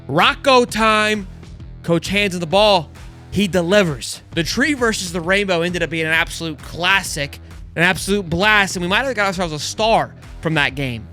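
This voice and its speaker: A male sports show host with a high, bright, forceful voice. He talks with emphatic hype-man energy. Faint music plays underneath.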